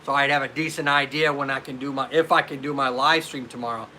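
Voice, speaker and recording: A man's voice: medium pitch, fairly even intonation, fast, bright, forceful tone, slight background noise. A man hosting a casual live stream as a physical therapist, chatting loosely, greeting viewers by name and answering their questions.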